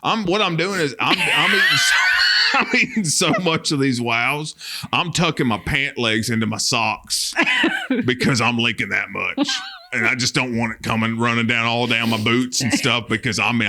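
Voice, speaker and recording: A man voicing a rowdy good-old-boy type who keeps bingeing potato chips, talking loud and drawling through laughter. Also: medium pitch, moderate pace, gravelly, voice pushed down.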